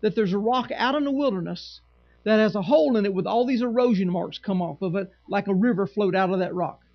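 A male pastor preaching in a church, his voice strikingly high with a gravelly edge. He mixes scripture reading with dry, sarcastic asides to his congregation, and the recording sounds dull and lo-fi. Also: brisk. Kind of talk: sermon.

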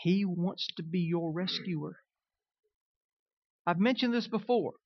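A man preaching as a pastor, swinging between loud, emphatic lines and quiet, conversational asides. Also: sits high, slow pace, vocal fry, no room sound, lo-fi sound. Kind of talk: sermon.

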